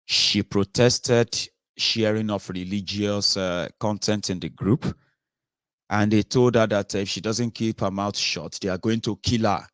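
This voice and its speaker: A Nigerian-accented man delivers a fervent commentary monologue in a low-pitched voice. He is emphatic and leans on rhetorical questions, with frequent filler sounds between points. The recording is dry, with no room echo. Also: steady tone, a little slow, a bit bright. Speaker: political commentary host.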